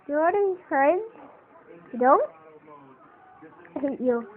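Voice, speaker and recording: A woman voicing a goofy, grumpy male T-Rex puppet, speaking slowly and loudly. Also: high voice, expressive. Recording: tinny phone-like audio, faint noise.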